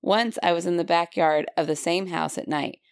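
A woman with a low, gravelly voice co-hosts a podcast, laughing easily as she reads listener stories aloud. She builds suspense with slow, dramatic pauses. The recording is close and dry. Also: steady tone, no echo. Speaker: podcast co-host. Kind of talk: casual chat, reading listener stories aloud.

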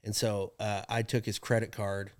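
A young man casually telling stories about his rodeo work, animated and often laughing as he acts out what people said. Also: on the low side, moderate pace. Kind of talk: casual storytelling chat.

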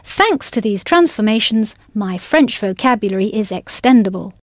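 A woman's voice: mid-range voice, expressive, normal speed, no room sound, clean studio sound. A woman teaching a language in a scripted audio lesson, patient and encouraging, spelling words out letter by letter.

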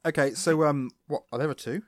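A man's voice: fairly high pitch, a little fast, no room sound, clean studio sound. A man co-hosting a casual podcast, telling rambling stories full of ums and likes. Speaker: podcast co-host. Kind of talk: casual chat.

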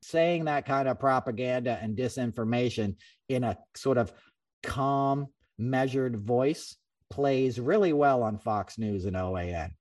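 A man hosting a podcast, talking politics in a loose, animated ramble. He swears freely and keeps restarting his sentences. He sits a little back from the microphone. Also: mid-range voice, a little slow, distant mic. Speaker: podcast host. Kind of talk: casual political chat.

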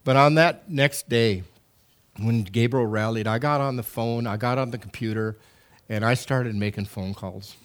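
A middle-aged man preaching a sermon as pastor, animated and emphatic, with repetitions and restarts. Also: medium pitch, normal speed, smooth.

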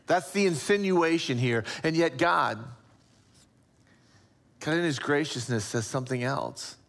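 A man preaching a sermon as pastor, impassioned, dropping soft for emphasis. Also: lively intonation, a little slow, creaky. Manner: impassioned, rising pitch on acted quotes, drops to soft near-whisper.

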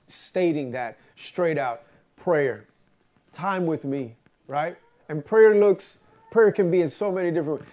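Brief: man, preacher, conversational sermon, earnest storyteller, slightly higher voice. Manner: earnest, storytelling, repeats phrases for emphasis.

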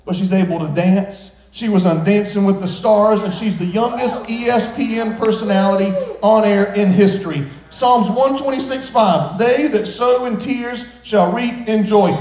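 A man's voice: high-pitched, moderate pace, few pauses, a little mellow, reverberant, rough recording. A man preaching a sermon as pastor of a church, earnest and exhorting, breaking in with playful jokes. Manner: playful, joking asides between earnest exhortations. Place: large church sanctuary.

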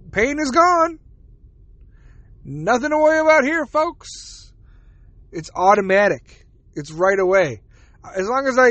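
A man's voice: high-pitched, a bit bright. A man hosting a podcast, talking casually and rambling, with frequent swearing and self-deprecating asides. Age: adult with a child. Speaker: podcast host. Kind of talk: casual solo podcast monologue.

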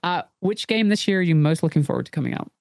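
A podcast host running a quick-fire question round in a relaxed, friendly way, laughing easily. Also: medium pitch, creaky, slight background noise. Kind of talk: casual podcast hosting.

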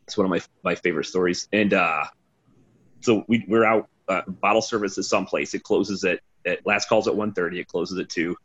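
Low husky guy spinning loose swear-heavy party stories, kinda muffled lo-fi audio. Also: steady tone, brisk, a bit bright. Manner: rambling, swearing, laughing storyteller. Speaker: podcast guest, former team DJ. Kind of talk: casual storytelling. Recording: dull lo-fi sound.

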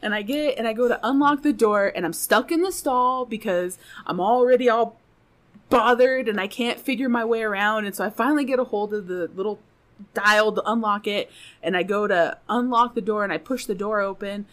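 A woman's voice: medium pitch, brisk. A woman guest on a podcast telling a funny personal story in casual, profane chat, laughing often.

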